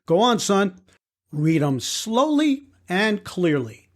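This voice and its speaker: A man's voice: sits high, sing-song, slow pace, pitched above the performer's own voice, full character voice. A man voicing a cheerful, easygoing father piloting a family rocket, upbeat and patient, in an audiobook. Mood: jovial. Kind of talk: audiobook character voice.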